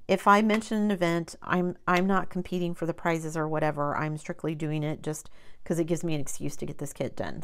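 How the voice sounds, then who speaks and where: A woman with a fairly low, clean-toned voice hosts her own crafting channel. She chats casually and rambles, with plenty of ums and self-corrections.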